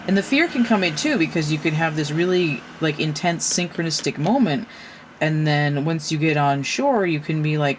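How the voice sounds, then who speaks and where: Frank, casual, and a little foul-mouthed, a woman gives a tarot reading packed with rhetorical questions for her audience. Her voice is low-pitched and expressive at a normal speed, with slight hiss or hum in the background.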